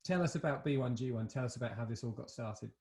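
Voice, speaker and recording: A man hosting a podcast, with a dark, mellow voice and a gravelly edge. He reflects out loud before putting his question to the guest, and his talk is full of "you know" and "sort of.". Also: medium pitch, fast talker. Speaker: podcast host. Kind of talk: conversational interview.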